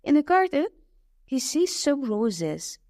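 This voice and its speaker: A woman narrates a storybook for English learners, slow and clear. Her fairly high voice moves a lot in pitch, and the sound is dry and close. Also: dry recording. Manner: slow, clear, expressive reading.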